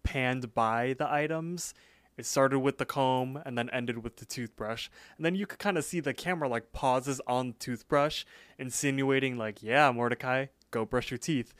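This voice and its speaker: A man's voice: mid-range voice, smooth, no room sound. A young man co-hosting a podcast, casually retelling a cartoon episode with lots of "like" and acted-out quotes. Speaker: podcast co-host. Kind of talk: casual chat, episode recap.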